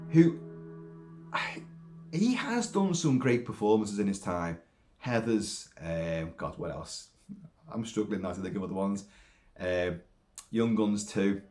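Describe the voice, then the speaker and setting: A man talking casually about a film, rambling in an animated way with many restarts and put-on voices. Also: lowish voice. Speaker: film commentator.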